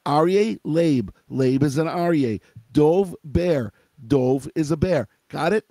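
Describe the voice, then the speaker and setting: A man's voice: mid-range voice, mellow, no echo. A middle-aged man hosting a live show, telling a family story in a conversational way and asking his listeners questions. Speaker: host.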